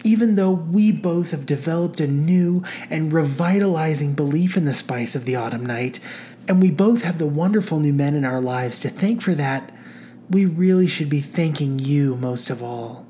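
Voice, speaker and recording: A woman's voice: low-pitched, normal speed, mellow, slight background noise, lightly acted. Woman doing a bubbly gossipy friend. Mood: eager.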